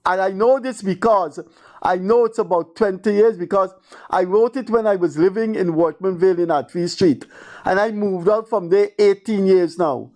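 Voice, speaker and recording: A man's voice: high voice, normal speed, a little mellow. An older man with a Guyanese accent hosting a call-in show, talking in exasperated, rambling commentary. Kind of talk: call-in radio talk.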